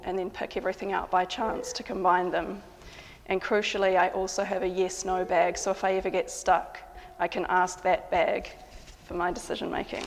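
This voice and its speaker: A woman composer calmly describing how she works, in measured, reflective narration. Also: lowish voice, vocal fry, long reverb tail.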